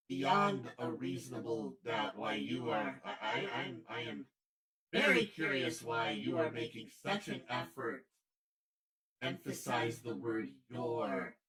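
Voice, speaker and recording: A man hosting a live stream party, animated and prone to sudden loud outbursts. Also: mid-range voice, recorded from a distance. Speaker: host.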